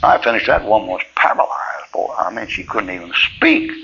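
On dull, faintly hissing lo-fi tape, a middle-aged preacher with a lowish, creaky, sing-song voice briskly tells church stories. His sermon storytelling is folksy and plainspoken, with frequent chuckles.

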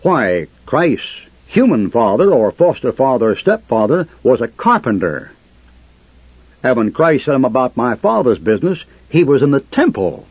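A man's voice: mid-range voice, big pitch swings, measured pace, a little mellow, breathy edge, no room sound. A man preaching a fiery sermon in a combative way, firing rhetorical questions at his listeners. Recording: muffled lo-fi recording.

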